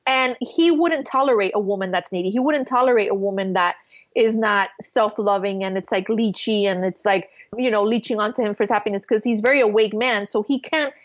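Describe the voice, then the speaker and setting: A woman with a medium-pitched voice guests on a podcast, briskly telling an earnest, emotional spiritual story from her own life. Her speech is full of fillers, and the sound is lo-fi.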